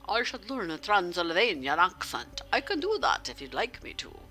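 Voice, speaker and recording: A woman's voice: on the low side, sing-song, normal speed, pushed and bright, faint music behind, pitched above the performer's own voice. A woman voicing a flirtatious male shopkeeper with a put-on Southern accent, reading game dialogue aloud in a playful, sultry way.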